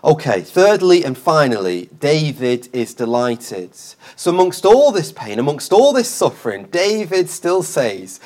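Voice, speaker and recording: A man preaching a sermon in a church, passionate, repeating phrases and swinging between loud and soft. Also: fairly high pitch, big pitch swings, a little slow, few pauses. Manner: impassioned, repeats phrases, rises and drops in force. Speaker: street preacher, guest speaker.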